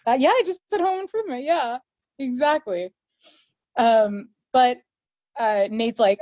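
A woman co-hosting a podcast, casually recapping an episode and acting out the characters' lines in quick voices. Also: on the high side, dry recording, muffled recording. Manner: chatty, quotes characters in quick put-on voices. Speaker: podcast co-host.

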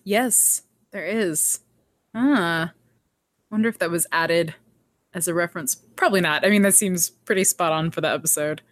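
A female podcast co-host with a lowish voice recaps in a casual, chatty way at a moderate pace, laughing lightly and often and quoting characters. The sound is dry and close, with no echo.

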